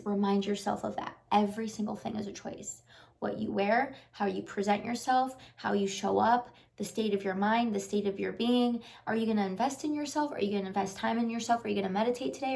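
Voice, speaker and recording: A woman vlogger talks straight to the camera, urging viewers on with earnest, repeated encouragement. Her voice sits at a middling pitch and carries a noticeable gravelly fry. Her delivery stays casual and chatty, full of "like" fillers. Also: fairly even intonation, fairly quick, a little mellow. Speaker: lifestyle vlogger and life coach. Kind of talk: motivational talk to camera.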